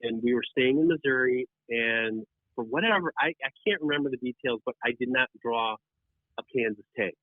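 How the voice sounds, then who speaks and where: A man who is a guest on a podcast, telling a hunting story in an animated, rambling way with many restarts, heard over tinny phone-line audio. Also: mid-range voice, fairly quick, no echo. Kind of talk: casual storytelling.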